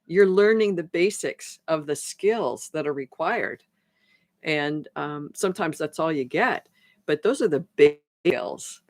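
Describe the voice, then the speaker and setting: A woman's voice: sits low, measured pace, no echo, studio quality. A woman transformation coach talking on a live stream, rambling with many restarts as she acts out conversations. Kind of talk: live-stream talk to viewers.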